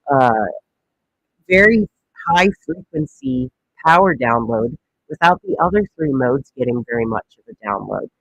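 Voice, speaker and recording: A man's voice: a little high, creaky, dull audio, slight background noise. A man hosting a comedic weather livestream, chatting casually and rambling with lots of fillers and jokes. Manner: rambling, joking, many fillers.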